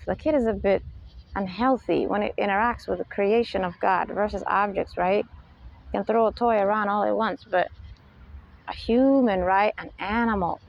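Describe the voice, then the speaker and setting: A woman's voice: medium pitch, vocal fry, a little mellow, lo-fi sound. A woman giving an unscripted spiritual lecture, emphatic and full of rhetorical questions, often laughing between points. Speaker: spiritual talk host.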